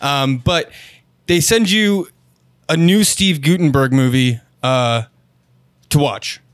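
Hesitant man, slightly high voice. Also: takes it slowly, no room sound, studio quality. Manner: hesitant, full of fillers. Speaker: podcast co-host. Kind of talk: casual comedic chat.

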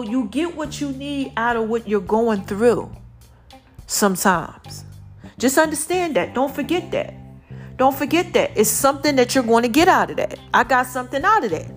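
A woman giving an impassioned faith testimony to her viewers, speaking through a tight throat, emphatic and repeating herself for stress. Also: fairly high pitch. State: tight, constricted throat, a little choked up.

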